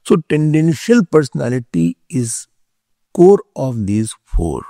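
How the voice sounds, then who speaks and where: A man teaching a philosophy class, explaining slowly, repeating key terms and checking whether his listeners follow. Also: medium pitch, sing-song, warm tone, dry recording, clean studio sound. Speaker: spiritual teacher.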